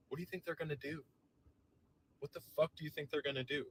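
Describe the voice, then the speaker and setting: A man's voice: a little high, fast, fairly bright tone, slight background noise, rough recording. A man delivering a heated, profane and sarcastic political rant to camera, visibly agitated. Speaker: political commentator.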